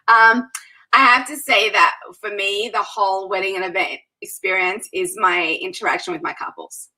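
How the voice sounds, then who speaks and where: A wedding planner recounts her events with lively, animated energy in a casual interview. Her voice is bright and forward, with a slightly husky, breathy grain. She laughs freely as she talks. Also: medium pitch, normal speed, low-quality recording. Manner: animated storyteller, laughs often.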